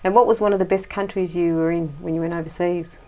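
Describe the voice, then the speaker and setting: A woman's voice: fairly low pitch, steady tone, fast, mellow. An Australian woman interviewing her brother in a casual, rambling chat, laughing often.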